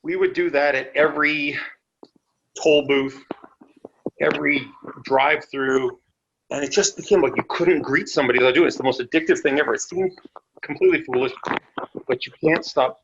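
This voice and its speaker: A man appears on a podcast over a call from his home, casually sharing stories from the road at a moderate pace with frequent pauses. He's a relaxed narrator who sometimes adopts a silly high voice; the sound is lo-fi with background noise.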